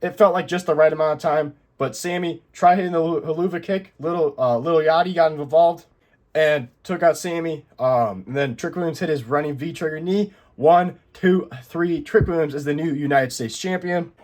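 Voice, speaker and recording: A young man casually reviewing a wrestling show, rambling excitedly with lots of asides. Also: a little high, a little fast. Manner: excited, rambling recap with many "I'm like" asides.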